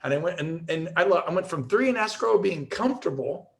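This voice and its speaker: Gravelly, upbeat middle-aged man. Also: on the high side, brisk. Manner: energetic storytelling with repeated restarts. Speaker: guest speaker. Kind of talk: motivational talk.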